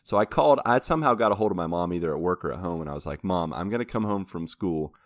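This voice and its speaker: Speaking fast and with plenty of animation, a young male podcast host with a deep voice spins a long, casual anecdote, acting out quotes and laughing throughout. The recording is dry and studio quality.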